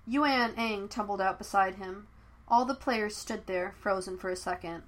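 A woman narrating fan fiction as an audiobook, telling the story in a steady, even way. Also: mid-range voice, normal speed.

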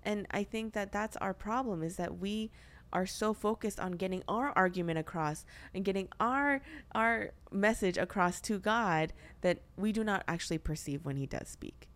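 A woman's voice: mid-range voice, normal speed, fairly bright tone. A young woman hosting a podcast, talking earnestly about faith in a chatty way, full of filler words. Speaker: podcast host. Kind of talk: casual faith discussion.

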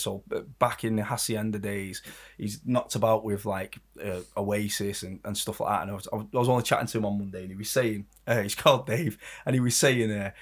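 An English man co-hosting a casual podcast, talking in a rambling way with frequent restarts and laughs. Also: on the low side. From England. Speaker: podcast co-host. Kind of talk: casual banter.

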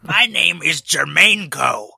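A man voicing an indignant, entitled rich man who rants and shouts in outrage. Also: sits high, expressive, moderate pace, gravelly, breathy edge, pitched above the performer's own voice, exaggerated voice. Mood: outraged.

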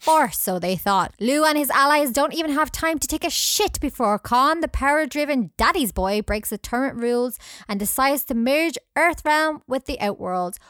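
A woman's voice: high-pitched, expressive, moderate pace, a bit bright, dry recording, studio quality. A young woman co-hosting a podcast, chatting casually, joking and swearing freely. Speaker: podcast co-host.

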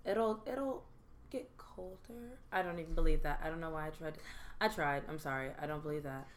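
A woman's voice: low-pitched, moderate pace. A woman with a Southern US accent, co-hosting a podcast in casual chat, chiming in bluntly and laughing along. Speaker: podcast co-host.

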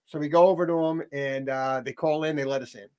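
A middle-aged man telling a story in a casual interview, animated, acting out the people he quotes, with frequent restarts. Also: mid-range voice, fast, clear, resonant tone.

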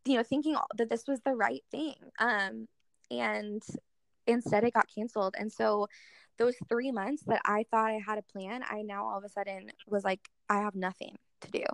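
A woman's voice: a little high, steady tone, moderate pace, gravelly, dry recording. A young woman telling a personal faith story in a casual interview, earnest and full of "like" fillers. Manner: earnest, heavy use of "like" as filler. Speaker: guest speaker in worship ministry.

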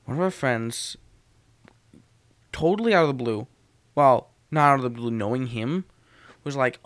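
A man in casual chat, a game master telling tabletop stories in a joking, animated way. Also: mid-range voice, moderate pace, long pauses, no echo.

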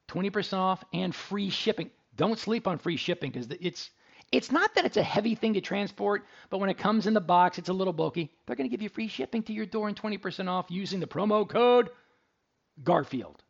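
Gravelly, high-voiced middle-aged radio host. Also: male voice, animated, fairly quick, dull audio. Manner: chatty, jokey storyteller. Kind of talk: casual radio talk and ad read.

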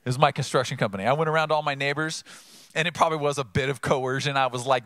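A man from Southern California preaching an energetic, conversational sermon full of rhetorical questions. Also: mid-range voice, racing, no room sound. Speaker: pastor.

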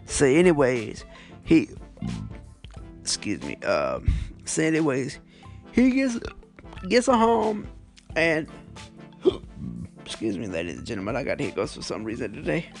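A man hosting a casual podcast on his phone, retelling books and shows in an animated, profane, rambling way. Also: medium pitch, unhurried, pauses often, faint music behind. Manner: animated, profane storytelling with lots of fillers. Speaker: podcast host.

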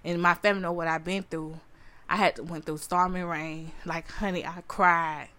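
Speaking at a moderate pace in a lowish, pushed, bright voice with little pitch movement, a young adult woman tells her personal story on the podcast she hosts. Her testimony to the live audience is earnest and repetitive, and she calls them honey.

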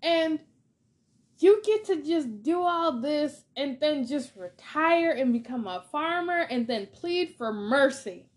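A woman's voice: sits high, expressive, slow pace. A woman hosting a casual film review monologue, chatty and exasperated, ranting with lots of filler words. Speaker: podcast host reviewing films.

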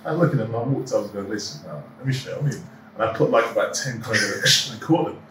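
Fast-talking man, echoey and distant. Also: medium pitch, noisy background. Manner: animated storyteller who acts out quoted dialogue. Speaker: actor and producer, guest. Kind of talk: anecdotal interview chat. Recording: echoey room, voice off-mic.

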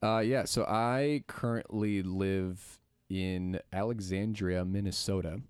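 A young man telling stories in a casual podcast chat, lively and quick to mimic others. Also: low-pitched, smooth, no room sound, clean studio sound. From United States. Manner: lively storyteller, slips into mimicking voices. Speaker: podcast guest.

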